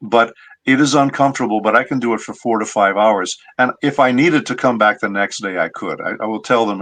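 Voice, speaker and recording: Middle-aged guy with a lowish voice, chill teacherly explaining on a podcast. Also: brisk, fairly bright tone, poor audio. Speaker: guest voice actor. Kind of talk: casual interview chat.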